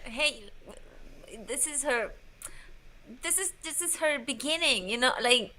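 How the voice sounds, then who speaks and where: A woman's voice: high voice, expressive, takes it slowly, pushed and bright, slight background noise, poor audio. A woman co-hosting a casual livestream, quizzical and rambling, with frequent giggles. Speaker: co-host.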